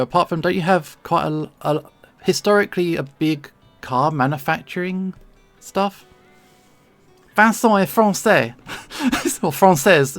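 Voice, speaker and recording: Gravelly London-accented streamer chatting. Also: medium pitch, dry recording. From England. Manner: chatty, rambling, self-deprecating, laughs often. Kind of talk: casual chat while drawing. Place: home streaming setup.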